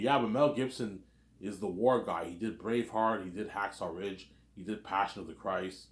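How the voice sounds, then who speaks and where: A man with a very low voice talks through a casual, rambling commentary. He keeps circling back with the same tag phrases and fillers. The sound carries a noticeable room echo. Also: moderate pace. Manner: rambling, repeats fillers and tags constantly. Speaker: host. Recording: roomy echo.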